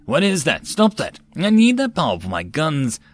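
A man's voice: fairly high pitch, animated, normal speed, creaky, pitched above the performer's own voice. A man voicing a blunt, commanding alien male gladiator who pilots a mech, in an audiobook. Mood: curt, commanding.

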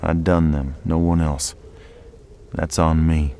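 A man's voice: rumbling low, little pitch movement, slow, dark tone, slight background noise, full character voice. A man voicing a bitter war veteran moonshiner who talks in raised, pained outbursts. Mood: grim.

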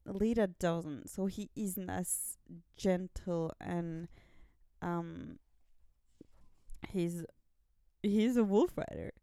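Low, mellow-voiced woman co-host. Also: drawn-out words, long pauses, smooth, no room sound. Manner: agreeable, often chiming in with short affirmations. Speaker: podcast co-host. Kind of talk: casual chat about comics.

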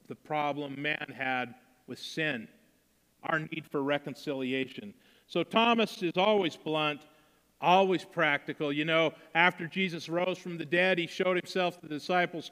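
A man's voice: on the high side, fairly even intonation, a little slow, a bit bright, smooth, long reverb tail. A man preaching a conversational sermon to his congregation, acting out the quotes he reads. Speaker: pastor.

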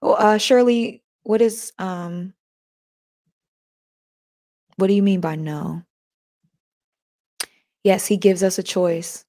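A woman's voice: on the low side, fairly even intonation, slow pace, pauses often, dark tone. Chatty woman hosting a live stream. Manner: chatty, addresses listeners as y'all, reads comments aloud. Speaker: podcast host reading live chat. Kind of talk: casual live-stream faith talk.

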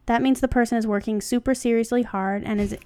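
A woman reading aloud the lines of a smug, scheming boy from a fan story, in a smooth voice. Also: on the high side, steady tone, quick pace, dark tone, no echo, close to an everyday voice.

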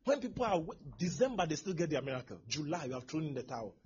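A man preaching a sermon as pastor, swinging from hushed asides to shouting. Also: fairly high pitch, big pitch swings, fast, breathy edge. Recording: dull lo-fi sermon recording.

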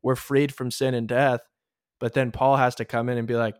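A man's voice: medium pitch, flat delivery, moderate pace, no echo. Man, podcast host, reflective, thoughtful, dry close recording. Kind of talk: casual conversation.

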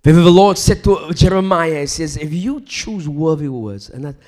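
A man preaching a live sermon, swinging from loud emphatic declarations to hushed near-whispers, with repetitive rhythmic phrasing. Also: fairly high pitch, lively intonation, moderate pace.

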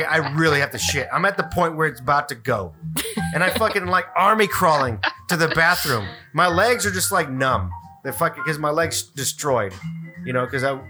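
A man hosting a podcast, telling a rude hospital story in casual, profane talk and acting out his own yelling. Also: a little high. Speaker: podcast host. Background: music.

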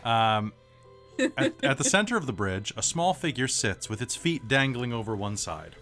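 An American game master describes a fantasy scene in loose, rambling narration, full of fillers and restarts. The delivery is animated, with wide pitch movement. Faint music plays under the session. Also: normal speed. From United States. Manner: loose, rambling, with many fillers and self-corrections.

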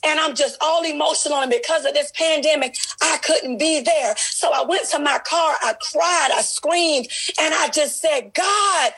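Woman, ministry speaker, high voice, fervent preaching, emotional shouting peaks. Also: normal speed, few pauses, rough recording. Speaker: speaker in a women's ministry discussion. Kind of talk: impassioned testimony preaching.

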